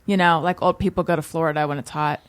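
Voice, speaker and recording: A woman's voice: low-pitched, steady tone, fast talker, no echo. A woman hosting a comedy podcast who chats casually, laughs often and bubbles with enthusiasm. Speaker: podcast host.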